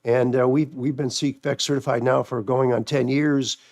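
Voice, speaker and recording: A man hosting a call-in radio show on money, talking fast and spelling things out for callers. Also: mid-range voice, steady tone, a little mellow, no room sound, clean studio sound. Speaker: radio show host, financial planner.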